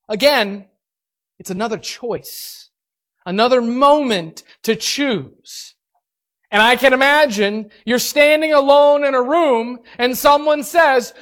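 A woman preaching a sermon, acting out reactions in an animated, expressive way. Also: takes it slowly. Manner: animated, acts out reactions with big pitch swings.

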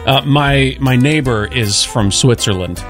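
A man co-hosting a morning radio show, telling a story in animated casual chat. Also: mid-range voice, faint music behind. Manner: animated storyteller, quick asides.

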